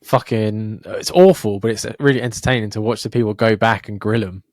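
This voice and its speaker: A young man co-hosting a podcast, telling stories in a sweary, animated way. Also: lowish voice, fairly quick, no echo, clean studio sound. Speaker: podcast co-host. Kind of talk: casual podcast chat.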